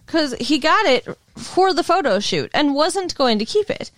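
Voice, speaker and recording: A woman's voice: high voice, big pitch swings, moderate pace, no echo. A woman co-hosting a casual podcast, retelling a movie's plot and swearing offhandedly. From Michigan. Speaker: podcast co-host. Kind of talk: casual chat.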